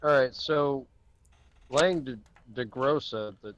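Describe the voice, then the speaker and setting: A man's voice: mid-range voice, slow pace, fairly bright tone, a little hiss or hum. Laid-back man on a dull mic. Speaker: player. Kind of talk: casual chat during an online tabletop game.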